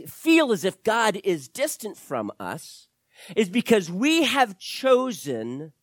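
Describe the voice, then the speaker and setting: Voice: medium pitch, no room sound, clean studio sound. A pastor preaching a sermon in a conversational, storytelling way, sometimes acting out small quoted voices.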